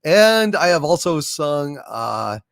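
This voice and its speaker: A man's voice: a little high, very animated, slow, fairly bright tone, no room sound, clean studio sound. Effusive man hosting a live stream. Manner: effusive, thanks donors with grand hails, hums little fanfares. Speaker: livestream host. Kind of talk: casual live-stream chat reading viewer messages.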